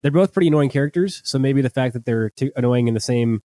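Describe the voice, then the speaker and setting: Fast-talking man in casual chat. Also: mid-range voice, dark tone, no echo, studio quality. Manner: rambling, frequent "like" fillers. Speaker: podcast co-host. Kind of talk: casual chat about a TV episode.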